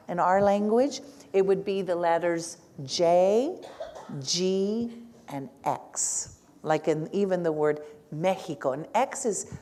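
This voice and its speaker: Woman teacher, lower voice. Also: darkish tone. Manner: asks the audience frequent questions, tags with "right?". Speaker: speech language pathologist teaching a workshop. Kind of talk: live classroom lecture.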